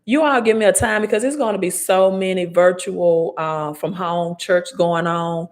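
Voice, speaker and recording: A woman's voice: on the low side, normal speed, darkish tone. A woman in her forties with a Southern Mississippi accent, giving an emphatic, preachy live-stream talk on money and business, repeating her key points. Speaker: credit and finance coach. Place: home, live video.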